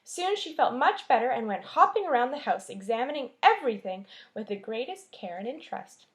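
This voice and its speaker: A woman teacher with a fairly high voice reads a children's chapter book aloud. Her storytelling is expressive, and she stops now and then to point out the pictures. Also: fairly quick.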